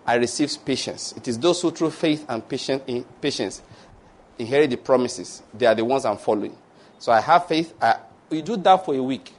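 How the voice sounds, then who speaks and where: A man preaching a sermon and leading prayer, animated and often laughing as he acts out little dialogues, then pronouncing blessings line by line for the congregation to answer. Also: mid-range voice, fairly quick. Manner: call-and-response blessings. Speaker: pastor.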